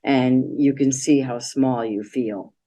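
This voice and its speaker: A woman's voice: very deep voice, fairly even intonation, slow, warm tone. A middle-aged woman casually presenting travel slides, chatty and a bit meandering, with fillers and trailing sentences. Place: library community room.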